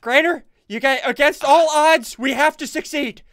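A man in his twenties hosting gameplay commentary with friends, excitable and repeating quick callouts. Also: very high-pitched. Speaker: gaming channel host.

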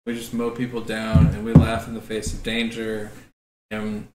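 A man's voice: on the low side, monotone, normal speed, very noisy. A laid-back man co-hosts a gaming podcast with slangy enthusiasm. He sits back from the mic, so his voice sounds distant. The room is echoey. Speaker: podcast co-host. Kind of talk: casual chat.

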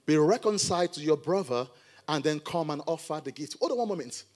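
Middle-aged guy preaching, fairly high voice, lively and joking with the church crowd. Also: fairly quick. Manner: animated preaching with playful asides. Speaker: pastor. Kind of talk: sermon.

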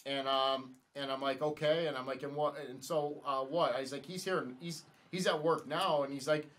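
A man's voice: fairly high pitch, fairly even intonation, moderate pace, a bit bright. A man, a podcast guest telling a story casually and retelling the dialogue with many "he's like" and "I'm like" asides.

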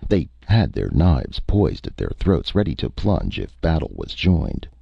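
Very deep gravelly male narrator. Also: no room sound. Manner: steady, measured storytelling. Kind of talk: audiobook story reading. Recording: dry, dull lo-fi recording.

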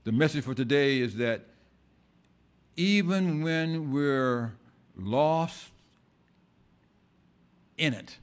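A male pastor preaching an impassioned sermon in a church, swinging between loud outbursts and hushed asides and often repeating words. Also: medium pitch, lively intonation, very slow, pauses often.

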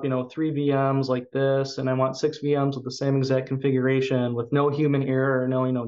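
A man's voice: medium pitch, darkish tone, highs cut off. Enthusiastic man with a Chicago accent. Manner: enthusiastic, with frequent fillers. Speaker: conference speaker. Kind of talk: recorded tech talk presentation.

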